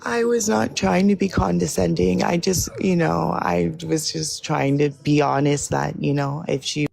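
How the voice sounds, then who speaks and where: A woman on a live stream who has just woken up, speaking softly and hesitantly with many pauses. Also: lowish voice, steady tone, creaky. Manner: soft-spoken, hesitant, many "um"s. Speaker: live show panelist.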